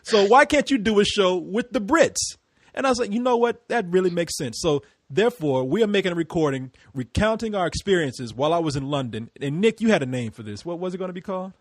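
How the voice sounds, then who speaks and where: Loud laughing American man hosting. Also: high-pitched, animated, fast talker, dry recording. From United States. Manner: loud, laughing, swears freely. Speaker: podcast host. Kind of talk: casual group chat.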